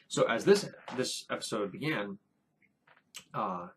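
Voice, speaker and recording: A man's voice: lowish voice, expressive, a little slow, fairly bright tone, slight background noise. A man who is a first-time dungeon master, recapping his latest tabletop session in a casual vlog, rambling with many fillers and restarts.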